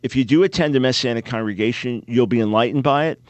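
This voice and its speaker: A man's voice: medium pitch, fast, no room sound. A man hosting a call-in radio show, explaining answers to callers in an upbeat, conversational way from a studio. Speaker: radio talk show host.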